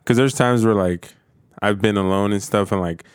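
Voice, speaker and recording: A low-pitched man swaps stories in loose, profane talk, full of fillers and restarts. The sound is dry and close, with no room around it. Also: moderate pace, clean tone, dry recording. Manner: profane, rambling storyteller. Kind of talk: casual chat.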